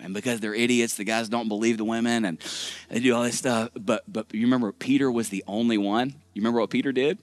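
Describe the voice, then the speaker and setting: Joking, animated man preaching a sermon. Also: fairly low pitch, fast talker. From Texas. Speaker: pastor. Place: large church auditorium.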